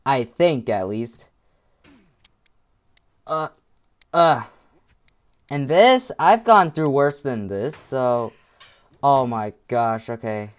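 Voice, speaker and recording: A man giving gameplay commentary with headphones on, muttering to himself and swinging into frustrated yelling. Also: medium pitch, expressive, drawn-out words, pauses often. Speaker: gaming video creator.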